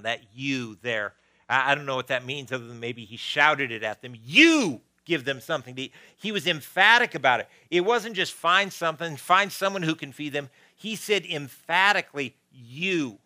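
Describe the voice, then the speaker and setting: A male pastor preaching a sermon, moving between loud emphasis and quiet, intimate stretches. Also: fairly high pitch, dry recording, rough recording.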